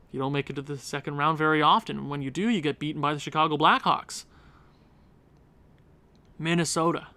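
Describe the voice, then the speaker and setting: On his gaming channel, a young man with a slightly high, sharp voice plays a hockey game, mulling lineup decisions out loud. He talks to the players on screen and bursts out in exasperation.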